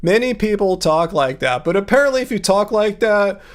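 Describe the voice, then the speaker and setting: A man in his fifties hosting a casual livestream from a home music studio, with a sing-song baritone voice that leaps high to stress words. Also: big pitch swings, moderate pace. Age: 50s. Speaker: livestream host.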